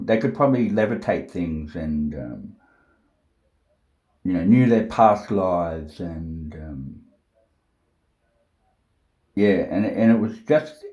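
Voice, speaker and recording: A man talking slowly to camera at home, thinking aloud with many fillers and restarts, blunt and sometimes profane. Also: low voice, warm tone, echoey room, highs cut off. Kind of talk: unscripted monologue to camera.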